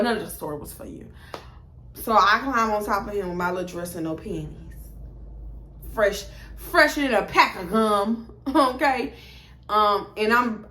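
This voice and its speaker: A woman's voice: medium pitch, pushed and bright, echoey room, slight background noise. A young woman, telling a blunt, profane story to camera and acting out both sides of the dialogue. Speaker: storytime vlogger.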